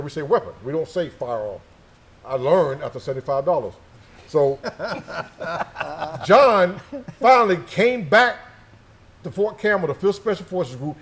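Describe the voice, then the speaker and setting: A middle-aged man, a former sniper instructor, telling stories in casual chat, acting out quoted dialogue and repeating names for effect. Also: a little high. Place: gun shop.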